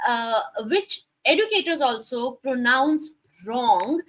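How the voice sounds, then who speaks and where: A woman's voice: sits high, animated, slow, fairly bright tone, poor audio. A woman hosting a talk show, asking enthusiastic, admiring questions. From India. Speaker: host.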